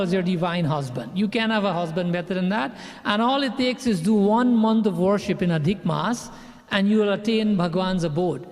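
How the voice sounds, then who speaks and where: High-voiced man telling a sermon story. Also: big-room sound. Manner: acts out characters' lines in the story. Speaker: pandit giving a sermon.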